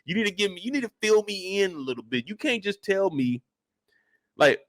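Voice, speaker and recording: A man's voice: high voice, fairly quick, dry recording, studio quality. A man hosting a comedic reaction rant about a TV episode, swearing freely and breaking into laughter often. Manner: animated, profane, laughing often. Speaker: show reaction host.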